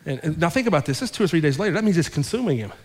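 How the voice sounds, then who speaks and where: A man with a fairly high voice preaches from the pulpit, retelling a story and voicing each person's lines as he goes. His words ring out through a church sanctuary with a long reverb tail. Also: very fast. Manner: animated retelling with quoted dialogue. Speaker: pastor. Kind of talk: sermon storytelling.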